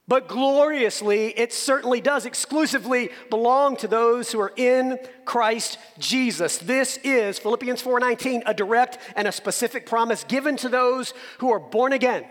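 A man's voice: very high-pitched, a bit bright, big-room sound. A man preaching a sermon as pastor, earnestly stressing key words and asking rhetorical questions of the congregation. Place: church sanctuary.

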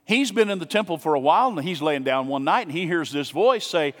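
A man's voice: sits high, expressive, fast, in a large hall. A man pastor preaching a sermon in a casual, conversational way, asking rhetorical questions and dropping asides to his congregation. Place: church sanctuary.

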